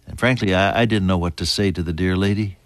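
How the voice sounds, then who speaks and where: An older man preaching a sermon, moving from hushed, near-whispered lines to lifted, emphatic ones. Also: low voice, steady tone, fast talker, dry recording, clean studio sound.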